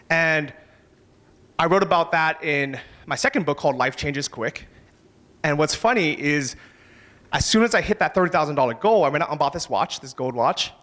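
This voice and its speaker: A man giving a motivational talk on a conference stage, casual and energetic, swearing now and then. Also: fairly high pitch. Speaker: conference speaker.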